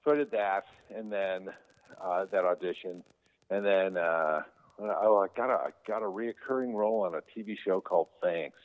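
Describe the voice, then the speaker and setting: A man's voice: low-pitched, moderate pace. A man, an actor, telling easygoing, rambling anecdotes as an interview guest, with many fillers. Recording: tinny phone-like sound.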